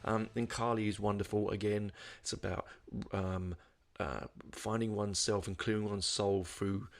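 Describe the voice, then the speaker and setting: A man's voice: on the low side, fairly even intonation, moderate pace. A man hosting a podcast, rambling through a casual album review with many fillers and restarts. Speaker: podcast host.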